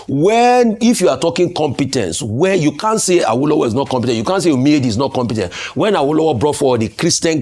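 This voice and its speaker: Emphatic Nigerian man, animated political commentary. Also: a little high. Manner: emphatic, argumentative, rhetorical questions. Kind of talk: studio political talk show.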